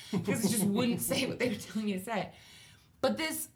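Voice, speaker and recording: A woman's voice: on the high side, normal speed, crowd noise. A woman telling a long story in casual chat, rambling and self-deprecating, laughing now and then as she talks. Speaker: podcast guest storyteller.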